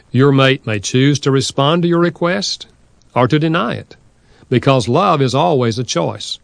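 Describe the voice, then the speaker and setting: A man narrating a nonfiction audiobook in a steady, measured reading style. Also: mid-range voice, no echo.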